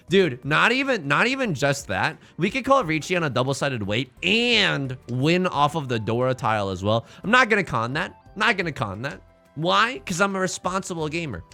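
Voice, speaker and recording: Lively, bright-voiced male game streamer. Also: medium pitch. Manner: animated, jokey, self-narrating. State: hiccuping. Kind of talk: live game stream commentary.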